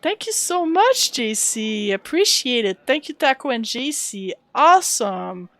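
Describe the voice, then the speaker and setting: A woman with a fairly high, slightly bright, sing-song voice streams a role-playing game at an unhurried pace. She chats casually and thanks her viewers, with no echo on the recording.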